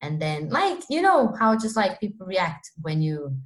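A young woman from Brazil with a Brazilian Portuguese accent and a deep voice, chatting casually with lots of fillers and restarts. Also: big pitch swings, unhurried, rough recording. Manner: talks with many fillers and restarts. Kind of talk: casual chat.

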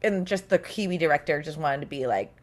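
A woman voice actor chatting casually, telling lively stories and mimicking the people she quotes. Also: low-pitched, a little fast. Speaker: podcast guest, voice actor. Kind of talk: casual chat. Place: recording studio.

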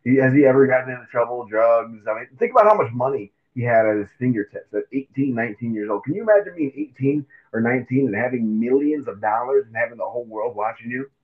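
A man co-hosting a casual sports chat, animated and acting out quotes in silly voices. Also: mid-range voice, fast talker, hardly any pauses. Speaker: podcast co-host. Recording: tinny phone-like mic.

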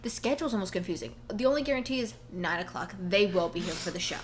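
A woman co-hosting a podcast, telling stories in a casual, animated chat full of fillers. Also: medium pitch, fast talker, a little hiss or hum. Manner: chatty, animated storytelling with many fillers. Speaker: podcast co-host.

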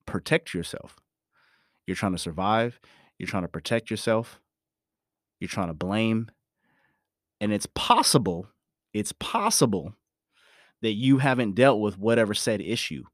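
A man delivers an emphatic motivational talk and drives his points home by repeating them. His pitch swings widely and expressively. The recording is dry, with no room echo. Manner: repetitive, emphatic, preachy. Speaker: motivational speaker.

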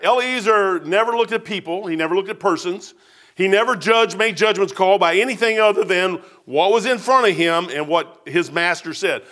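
High, bright preacher man. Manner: preachy, blunt, quoting people in put-on voices. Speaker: pastor. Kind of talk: sermon.

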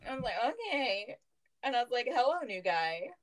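A young woman tells stories in casual chat, her pitch jumping all over. She swears freely and laughs often as she talks. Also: sing-song, normal speed, poor audio. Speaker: podcast co-host.

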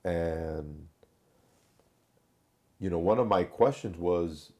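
A former investigator talks through a hard case in a measured, conversational way. His voice sits very low, with a dark and mellow tone. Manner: measured, recounts cases with quoted dialogue. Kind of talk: conversational storytelling.

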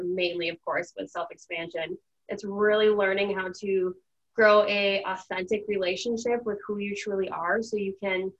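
A woman's voice: mid-range voice, a bit bright, dull audio. A young woman hosting a casual podcast chat as a mindset coach, talking in a chatty, emotional way full of "like". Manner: chatty, heavy use of "like", emotional.

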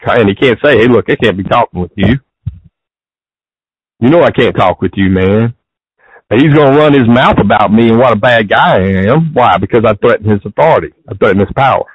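Man, interview guest: husky, middle-pitched voice, dry dull lo-fi sound, rambling and restarting. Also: no room sound. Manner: rambling, restarts sentences often. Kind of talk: casual interview talk.

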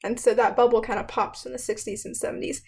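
A young woman with a slightly high voice talks through history in a loose, chatty way. She leans on fillers and laughs often. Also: steady tone, fast, a little mellow, husky. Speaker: student presenter. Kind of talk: casual history explainer.

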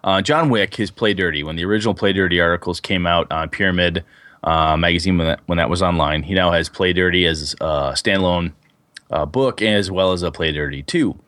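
A man's voice: low-pitched, fairly quick, dry recording. A man co-hosting a casual podcast about tabletop gaming, telling long rambling stories full of fillers. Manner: rambling, animated storyteller with many fillers. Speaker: podcast co-host.

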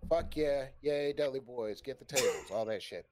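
Over a noisy background, a mid-range male voice at normal speed spins a long story in casual chat. A storyteller on a stream, he's animated, swears freely, and laughs a lot.

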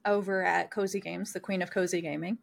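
A woman's voice: on the low side, fairly even intonation, brisk, creaky, a little hiss or hum. Bubbly chatty young woman guest. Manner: bubbly, chatty, laughs often, self-deprecating. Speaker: podcast guest. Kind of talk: casual chat.

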